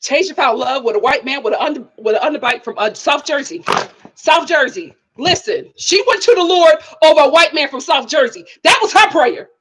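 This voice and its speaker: Very high, animated woman streamer. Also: brisk, rough recording. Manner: animated, exclaiming, blunt. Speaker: YouTube host. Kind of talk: live-stream reaction commentary.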